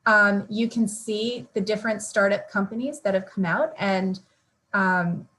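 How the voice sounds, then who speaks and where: A woman's voice: medium pitch, a little slow, a bit bright, low-quality recording. A woman with a Massachusetts accent moderating a panel over a video call, speaking in a loose, friendly way with filler words.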